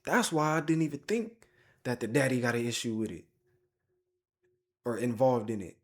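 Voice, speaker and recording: A man's voice: medium pitch, normal speed. A man giving casual, slangy reaction commentary, thinking aloud. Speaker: video reactor.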